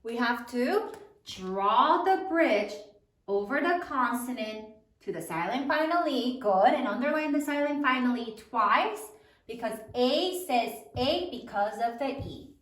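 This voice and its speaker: Slow, lively high-voiced woman teacher. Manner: slow, clearly enunciated word dictation. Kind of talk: spelling lesson dictation. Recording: roomy, from a distance.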